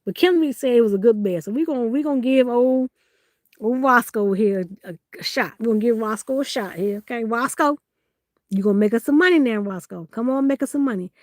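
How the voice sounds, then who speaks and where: A woman runs a casual live-stream sale from her phone, joking, teasing and laughing as she reads viewers' comments aloud. Her voice sits a little high and lively. The sound is close and dry, with no room echo. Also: a little fast.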